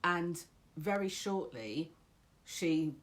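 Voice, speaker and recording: Low-voiced woman, lively motivational storyteller. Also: drawn-out words. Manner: chatty, encouraging, storytelling. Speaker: motivational speaker. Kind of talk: casual motivational talk.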